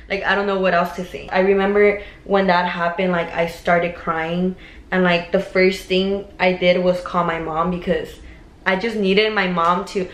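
A woman's voice: on the low side, reverberant, low-quality recording. A young woman, chatting casually and gossiping while she does her makeup, slipping Spanish words into her story. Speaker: beauty vlogger.

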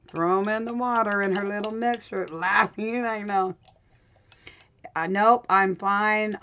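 A woman's voice: medium pitch, a bit bright, dull audio. Chatty middle-aged woman in craft room. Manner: chatty, laughs often, talks to viewers by name. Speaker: craft channel host. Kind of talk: casual chat with live viewers.

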